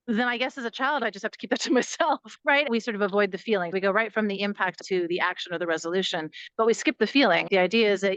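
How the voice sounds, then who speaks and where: A woman co-hosting a podcast reflects in casual conversation and tells stories from her own workshops, using examples. Her medium-pitched voice is fast, a bit bright, clear and resonant, with no echo, though the audio sounds dull.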